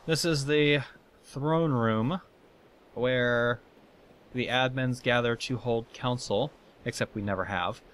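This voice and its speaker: Guy hosting a game let's play, bright voice, chatty tour-guide vibe, swears a bunch. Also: mid-range voice, takes it slowly, slight background noise. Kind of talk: casual gameplay commentary.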